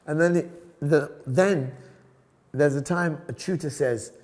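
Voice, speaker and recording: An older man, a photographer guest, telling stories in an animated, laughing way, peppering his talk with "right?". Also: a little high, takes it slowly. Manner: lively, laughing, tag questions like "right?". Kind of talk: animated storytelling interview. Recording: long hall reverb.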